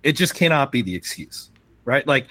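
A man co-hosting a casual podcast chat, telling a story in an animated way and acting out the people in it. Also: medium pitch, moderate pace, no room sound. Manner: animated storyteller, acts out quoted people, swears freely. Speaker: podcast co-host.

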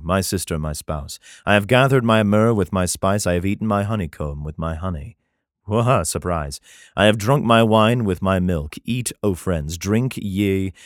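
A man's voice: lowish voice, no echo, studio quality. A man reading an old text aloud and breaking off into crude, mocking asides and laughter. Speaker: reader giving comic commentary.

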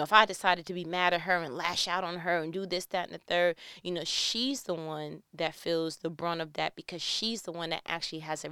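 A middle-aged woman hosting a reflective motivational talk, earnest, often rising to loud, animated emphasis. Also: fairly low pitch, clean tone, no echo, clean studio sound.

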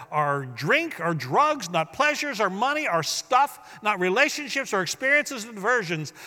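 Male pastor, sermon, bright edge, long reverberant hall, soft-to-loud emphatic delivery. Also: high voice. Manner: preaching with wide swings between soft, drawn-out words and loud emphatic bursts.

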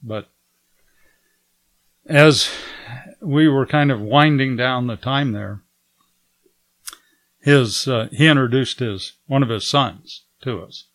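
A man recounts a faith testimony at a slow, unhurried pace, his voice close and dry with no room around it. He chuckles often as he talks and lifts his voice whenever he quotes someone else. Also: mid-range voice, dry recording. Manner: relaxed storyteller who chuckles often and raises his voice when quoting others. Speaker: guest telling a faith testimony. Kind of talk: storytelling testimony.

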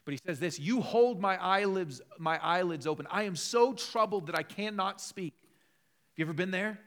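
Male pastor, high-pitched, passionate sermon delivery with big dynamic swings. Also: moderate pace. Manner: passionate, rises to loud emphatic peaks then drops low and conversational.

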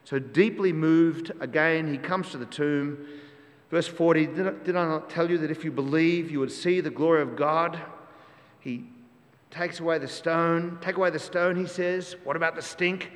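A man's voice: a little high, moderate pace. A man preaching a sermon to a congregation, emphatic, repeating key phrases and asking rhetorical questions. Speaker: pastor. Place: church with long reverb. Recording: long church hall reverb.

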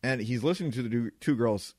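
A man co-hosting a podcast, telling lively anecdotes in casual chat, acting out voices and laughing often. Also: medium pitch, fast talker, no room sound, studio quality. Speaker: podcast co-host.

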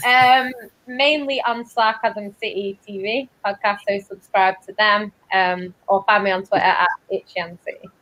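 A woman guest on a podcast, speaking slowly and hesitantly. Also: mid-range voice, steady tone, fairly bright tone, low-quality recording. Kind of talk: casual chat.

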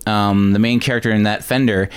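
A man's voice: on the low side, steady tone, a little fast, smooth. A man hosting a podcast, recapping a movie in casual chat, rambling with many fillers. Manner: rambling, lots of "like" and "um". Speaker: podcast host.

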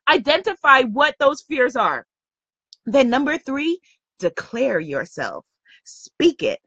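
A woman's voice: high-pitched, very animated, takes it slowly, pushed and bright, breathy edge, no echo, dull audio. A woman coach giving an emphatic, upbeat motivational lesson, repeating her key points. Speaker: spiritual business coach. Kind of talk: motivational teaching talk.

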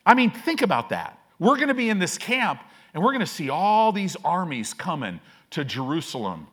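A man's voice: sits high, sing-song, normal speed, a bit bright. A man preaching a sermon as pastor, casual and self-deprecating, often checking in with "right?".

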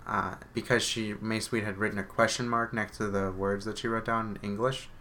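A man co-hosting a casual chat, wryly recapping a TV drama and acting out the characters' lines in quick quotes. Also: on the low side, flat delivery, pushed and bright, a little hiss or hum. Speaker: podcast co-host.

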